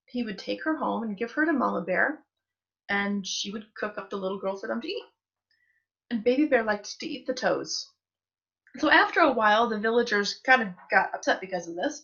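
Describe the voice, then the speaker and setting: A woman reading a story aloud at a reading event, in an expressive, sing-song delivery. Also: medium pitch, gravelly. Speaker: reader. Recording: muffled live-stream audio.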